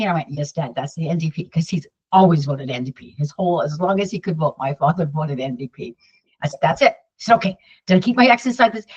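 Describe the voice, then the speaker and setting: Her voice sits low, a little mellow and slightly rough. The older Canadian political vlogger chats casually to her viewers on camera, going off on tangents and repeating herself, in dull lo-fi audio.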